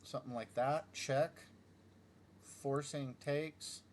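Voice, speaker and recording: A middle-aged chess YouTuber thinks aloud casually while solving puzzles, muttering each move and poking fun at himself when he slips. His mid-range, slightly mellow voice is fairly even and slow, with a little background noise.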